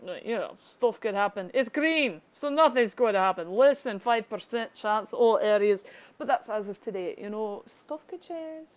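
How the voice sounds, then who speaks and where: A woman's voice: medium pitch, normal speed, clear, resonant tone. Rambling, joking woman forecaster. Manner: rambling, joking, self-deprecating. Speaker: amateur weather forecaster. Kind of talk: casual screencast commentary.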